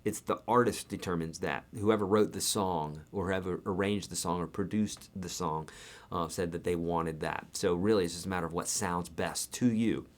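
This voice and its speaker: A man's voice: sits low, normal speed. A man teaching a live guitar lesson in a casual, chatty way, his voice tired and worn, counting beats aloud.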